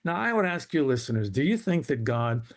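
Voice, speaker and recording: A man tells a family story as a radio guest, with a mid-pitched voice. He acts out the people in it, sweeping his voice up and down as the story rises and falls. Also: very animated, fairly quick. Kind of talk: storytelling on a radio talk show.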